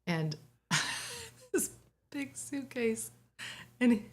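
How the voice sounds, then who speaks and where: Woman guest on a chat show, animated storytelling. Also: fairly high pitch, very slow. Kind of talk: casual chat.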